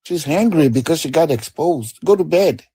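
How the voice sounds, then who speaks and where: A man's voice: a little high, lively intonation, normal speed, mellow, breathy edge, dry recording. A man on a live debate stream, speaking in an indignant, repetitive, rambling way.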